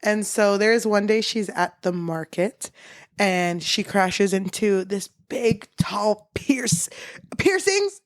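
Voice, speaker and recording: A woman's voice: medium pitch, expressive, takes it slowly, dry recording, studio quality. A woman co-hosting a book podcast, retelling the plot playfully and quoting characters in put-on voices. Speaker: podcast co-host. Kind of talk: casual book chat.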